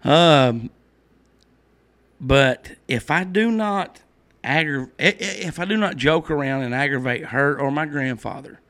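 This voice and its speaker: Higher-voiced rambling male podcast host. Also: measured pace, fairly bright tone. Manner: rambling storyteller, laughs at his own jokes. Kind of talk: casual chat.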